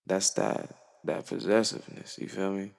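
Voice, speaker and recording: A man's voice: deep voice, level tone, moderate pace, creaky, a little mellow, big-room sound. A young man musician giving an earnest, slangy, profane monologue to camera. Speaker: musician vlogger. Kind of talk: reflective casual monologue.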